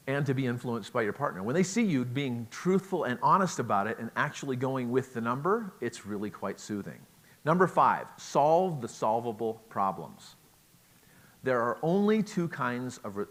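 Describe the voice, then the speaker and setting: A man's voice: mid-range voice, a bit bright. Chatty joking middle-aged man lecturing. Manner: chatty, joking, asks the audience questions. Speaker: conference speaker on relationships. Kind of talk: lecture to a live audience.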